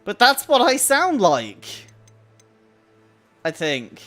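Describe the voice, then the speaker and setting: A man's voice: extremely high pitch, huge pitch swings, takes it slowly, bright, forceful tone. A man chatting casually during a game live stream, self-mocking and swearing freely, with a voice he says people call cartoonish. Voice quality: voice others find odd and cartoonish. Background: faint in-game music.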